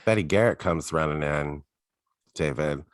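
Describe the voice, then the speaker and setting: A man's voice: a bass voice, unhurried, no echo, clean studio sound. A man co-hosting a podcast, making wry, reflective remarks in a casual chat about a TV episode. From United States. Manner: wry, reflective, joking asides. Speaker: podcast co-host.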